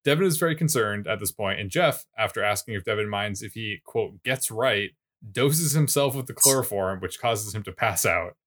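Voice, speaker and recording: A man's voice: fairly low pitch, animated, moderate pace, few pauses, a bit bright. A man co-hosting a podcast, recapping an episode in casual chat with a wry, teasing manner. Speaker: podcast co-host.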